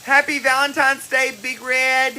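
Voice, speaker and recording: A woman's voice: high voice, level tone, unhurried, sharp tone, a little hiss or hum, poor audio. A woman hosting a cooking livestream, greeting viewers by name in a chatty, affectionate way. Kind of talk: casual live-stream chat. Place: home kitchen.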